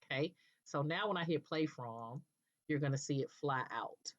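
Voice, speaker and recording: Low-voiced woman walking through a tutorial. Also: moderate pace. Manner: patient step-by-step explaining, frequent "okay" checks. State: coughing now and then. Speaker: software tutorial presenter. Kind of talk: screen-recorded tutorial. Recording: dull lo-fi recording.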